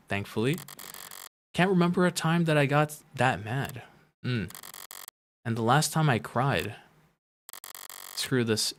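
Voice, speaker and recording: A man streaming a story game, reading its dialogue aloud and voicing several characters with a quick, sarcastic delivery. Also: mid-range voice, a bit bright, slight background noise.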